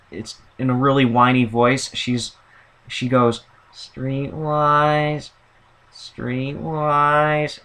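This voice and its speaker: Rambling man with a bright voice. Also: medium pitch. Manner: rambling, frequent fillers and restarts, opinionated. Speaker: vlogger. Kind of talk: casual monologue.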